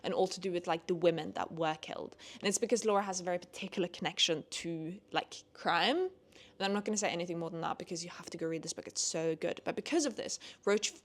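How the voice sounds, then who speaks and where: A young woman doing a casual book review vlog, chatty and full of "like", swearing freely and rising into animated rants. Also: on the low side, fast talker. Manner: chatty, heavy use of "like", swears when annoyed; animated, rising into ranting bursts. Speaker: book vlogger.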